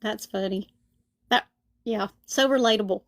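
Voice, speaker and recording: A woman's voice: mid-range voice, a little slow. Woman podcast host asking questions. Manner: brief, encouraging reactions and questions. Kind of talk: casual interview chat.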